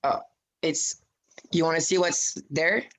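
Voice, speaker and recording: A woman's voice: low voice, fairly even intonation, takes it slowly, a bit bright. A woman, an acting student, chatting casually on a video call.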